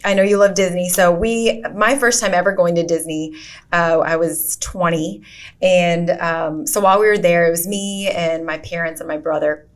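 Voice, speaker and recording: A woman co-hosting a podcast, telling an animated story in casual chat. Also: fairly low pitch, moderate pace. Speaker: podcast co-host.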